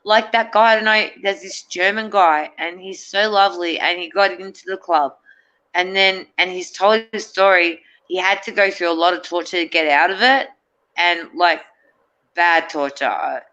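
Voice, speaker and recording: A woman's voice: lowish voice, steady tone, moderate pace, sharp tone, muffled recording. A middle-aged woman, a guest in a casual chat, rambling and hesitant with many fillers and restarts.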